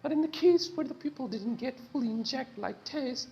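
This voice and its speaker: A woman's voice: sits high, animated, fairly quick, mellow, lo-fi sound, slight background noise. A woman voicing a guilty, pleading traitor. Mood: earnest. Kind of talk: reading a story game aloud.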